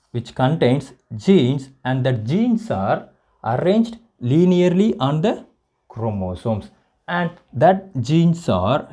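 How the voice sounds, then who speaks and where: A man with an Indian English accent, teaching a biology lesson and slowly repeating each point as if for dictation. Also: medium pitch, dark tone. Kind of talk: classroom lecture.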